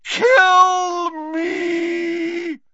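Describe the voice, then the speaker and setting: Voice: very high voice, monotone, drawn-out words, sharp tone, dry recording, highs cut off, voice pushed up, exaggerated voice. A reader voicing an old male wizard in agony, wailing, sobbing and begging in an audiobook. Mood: screaming. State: crying out in torment. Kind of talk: audiobook character voice.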